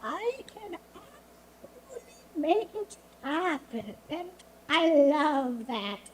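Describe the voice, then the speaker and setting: A man's voice: lively intonation, slow, heavily acted. A man using a voice-changer effect that makes him sound like a young woman, talking playfully. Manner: playful, self-mocking. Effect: pitch-shifting voice changer.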